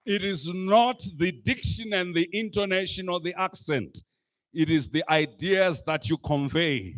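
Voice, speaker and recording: Slow, emphatic man giving a rousing speech. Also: sits high. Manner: emphatic, rhetorical repetition, rising to shouts. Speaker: speaker addressing a youth climate assembly. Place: live event stage.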